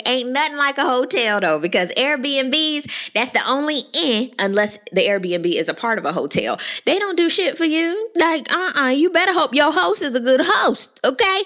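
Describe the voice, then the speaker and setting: Woman, sassy recap host, lively and expressive pitch, slangy chat with acted-out quotes. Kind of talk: casual recap commentary.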